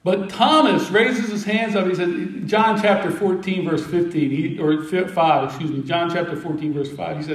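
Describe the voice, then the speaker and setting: A high-pitched male preacher telling a scripture story with playful voices for the disciples. He sounds set back from the mic in an echoey room. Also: moderate pace, hardly any pauses, distant mic. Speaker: pastor. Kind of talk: sermon.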